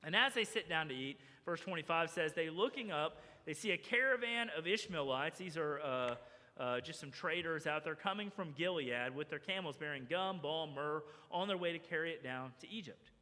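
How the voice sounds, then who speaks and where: A man preaching a sermon as pastor, animated and acting out the voices of the people in his story. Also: a little high, moderate pace, in a large hall. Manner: animated, acts out characters' voices. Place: church sanctuary.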